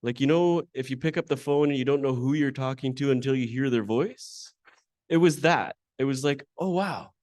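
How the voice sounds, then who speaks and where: A conference emcee, this man introduces a panel in a hall and then tells the live audience a candid, self-deprecating personal story in a conversational manner. He speaks at normal speed in a medium, slightly mellow voice, on a dry studio-quality recording.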